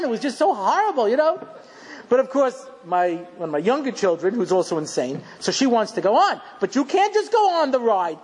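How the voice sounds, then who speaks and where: A middle-aged man giving a rabbi's lecture, telling funny stories in an animated, self-mocking way and acting out scenes. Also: very high-pitched. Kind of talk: humorous storytelling lecture. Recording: long hall reverb, faint background noise.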